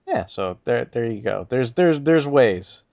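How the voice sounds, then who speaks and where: A man hosting a podcast, wrapping up the discussion in a halting way with many restarts and fillers. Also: medium pitch, animated, creaky, darkish tone, dull audio. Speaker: podcast host. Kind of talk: casual chat.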